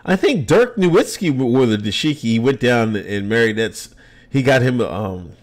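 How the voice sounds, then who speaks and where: A man chatting on his livestream podcast, his pitch swinging widely as he jokes through the viewers' comments. He laughs often and slips in sarcastic asides, with a loose, casual delivery at a middling pitch. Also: lively intonation, moderate pace.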